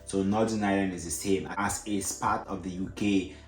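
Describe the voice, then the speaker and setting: A man's voice: sits low, fairly even intonation, a little fast, roomy sound, faint music behind. A man with an African accent, explaining things to viewers in a casual, repetitive way with frequent fillers. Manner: casual, repeats himself, many fillers. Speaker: vlogger.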